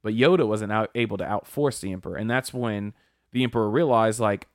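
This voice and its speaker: Lore-explaining man, low and dry. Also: fast, no room sound. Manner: explains lore at length, confident, swears casually. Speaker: podcast co-host. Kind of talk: casual chat.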